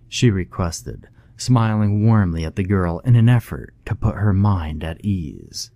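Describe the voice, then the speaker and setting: A man reading a horror story aloud in a slow, measured, dramatic narration. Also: deep voice, warm tone, no room sound.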